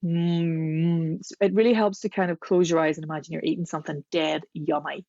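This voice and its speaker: A woman voice coach speaks as a podcast guest, walking through exercises in a chatty, demonstrative manner. Her voice sits a little low. The recording is dry and dull, like lo-fi remote call audio. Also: steady tone, warm tone, no echo. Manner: chatty, demonstrative, often slows to explain. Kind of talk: podcast interview, guest explaining.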